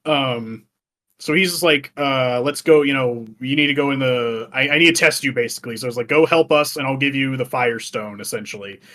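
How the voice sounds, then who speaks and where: A man co-hosting a casual gaming podcast, swearing freely, laughing often and acting out characters in quick voices. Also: mid-range voice, sharp tone. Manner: profane, laughing, acts out game characters in voices. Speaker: podcast co-host.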